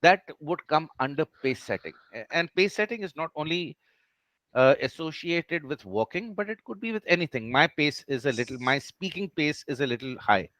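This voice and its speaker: A man's voice: fairly high pitch, animated, normal speed, fairly bright tone, no echo. A man teaching an online class over a video call, who explains each point patiently and keeps checking that his students follow.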